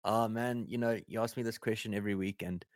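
Chill low-voiced guy bantering on a podcast, dry close mic. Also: fairly even intonation, fast talker, no echo. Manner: laid-back, teasing, laughs often. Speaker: podcast co-host. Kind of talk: casual chat.

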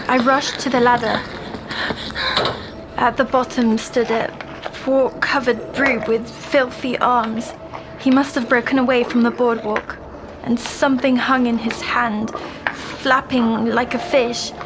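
A fragile, haunted young woman in an audio drama, speaking slowly in a hushed, half-whispered way. Her voice sits fairly high but barely rises or falls, as if held flat by fear. A constant noisy hum runs under the recording. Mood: urgent recall. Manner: hushed, often whispering, halting. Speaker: patient recounting dreams.

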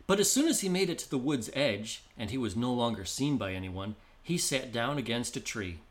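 A man narrates a traditional storybook tale in a measured, descriptive way. His voice sits at an ordinary middle pitch. He takes each line steadily. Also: expressive.

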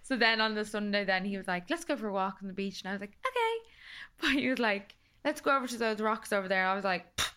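A woman's voice: mid-range voice, fast talker, hardly any pauses, clean tone. A young Irish woman, a podcast guest, telling stories in casual chat and acting out what people said. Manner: animated storyteller acting out quotes.

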